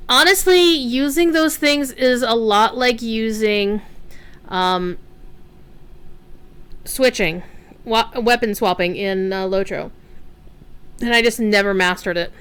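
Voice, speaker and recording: Slow, smooth-voiced woman streamer. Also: on the high side, a bit bright. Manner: chatty, rambling asides with fillers; blunt, swears offhandedly. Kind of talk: casual gameplay commentary.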